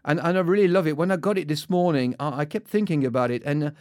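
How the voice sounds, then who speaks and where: A man hosting a relaxed chat, a native French speaker with a French accent. His voice sits a little high, and the sound is dry and close. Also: quick pace, no room sound. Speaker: host. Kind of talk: casual chat.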